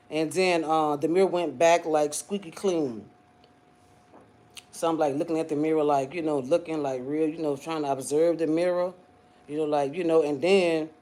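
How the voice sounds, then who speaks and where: A man's voice: fairly high pitch, darkish tone. A man chatting casually on a livestream, full of fillers and pet names like "boo" and "baby.". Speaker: livestream host.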